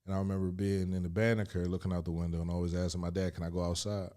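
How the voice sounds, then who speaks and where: A middle-aged guest from Chester, Pennsylvania recounts his life story with candor, emphatic and animated and thick with street slang. He speaks very fast in a low-pitched voice.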